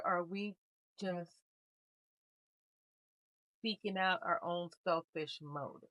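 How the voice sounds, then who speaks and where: A woman reading tarot cards in a calm, unhurried way, her voice low and unrushed. She muses aloud with a melancholy air. The sound is close and dry, with no room around it. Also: dry recording, poor audio. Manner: calm, unhurried, musing with soft laughs. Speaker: tarot reader. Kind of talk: casual spiritual card reading.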